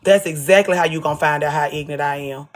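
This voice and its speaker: Low and fast, her voice carries a casual at-home livestream where she riffs without a script. She's profane and direct, pounding her points through repetition.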